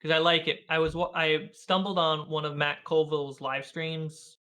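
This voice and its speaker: A man as a guest in a casual video-call interview, an animated storyteller who laughs often and acts out the lines he quotes. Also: fairly high pitch, moderate pace. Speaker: guest, filmmaker and game master.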